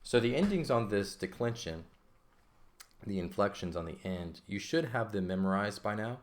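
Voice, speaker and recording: Deep-voiced man teaching grammar. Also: animated, normal speed. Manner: explains patiently, checks in with frequent "okay?". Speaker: Greek teacher. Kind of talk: recorded grammar lesson.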